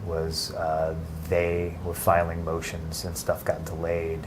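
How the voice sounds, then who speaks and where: A man giving an interview in a casual, halting way, with many restarts and fillers. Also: low voice, completely flat delivery, noisy background. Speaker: interview guest.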